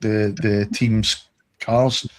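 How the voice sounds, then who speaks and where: A man's voice: on the low side, extremely slow. A man from Scotland with a Scottish accent, co-hosting a casual podcast chat and telling stories full of swearing. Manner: sweary, animated storytelling. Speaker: podcast co-host.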